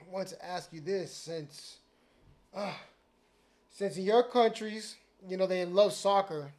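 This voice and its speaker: A man's voice: a little high, a little mellow. A Puerto Rican man in casual chat as a co-host, eager, laughing easily, with hesitant fillers. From Puerto Rico.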